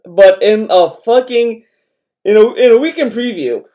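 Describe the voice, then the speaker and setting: A man's voice: sits high, a little slow, warm tone. A young adult man streamer ranting in casual chat, swearing often and rambling as he talks. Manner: profane, rambling rant.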